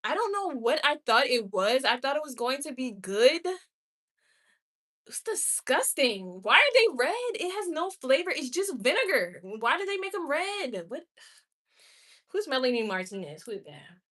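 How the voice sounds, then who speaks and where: Bright-voiced woman livestreaming. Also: high-pitched, big pitch swings. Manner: chatty and candid, with quick laughs and exclamations. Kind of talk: casual live chat reading viewer comments.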